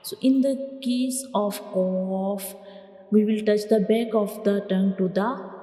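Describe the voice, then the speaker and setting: Female tutor, very slow and mellow delivery, patient, echoey room with long tail and faint music underneath. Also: medium pitch, fairly even intonation. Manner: patient, repeats each letter sound loudly for learners. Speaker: Quran reading teacher. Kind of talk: slow step-by-step letter lesson.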